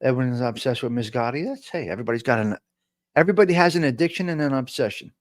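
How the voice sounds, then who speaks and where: A man's voice: medium pitch, expressive, fast talker, dry recording, studio quality. A man with a New Jersey accent hosting a casual live-stream chat, brash and profane, joking and talking back to the chat.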